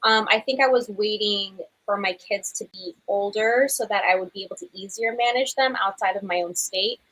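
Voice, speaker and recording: A woman's voice: medium pitch, moderate pace, fairly bright tone, low-quality recording. A woman from the Chicago area, a podcast guest chatting casually, full of ums and likes. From Chicago area, US Midwest. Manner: chatty, lots of um and like. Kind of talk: casual panel chat.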